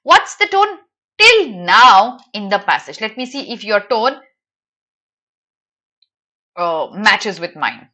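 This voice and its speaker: A woman with an Indian English accent, a native Hindi speaker, teaching a live online lesson, animated and teasing, firing off rhetorical questions. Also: mid-range voice, slow pace, long pauses.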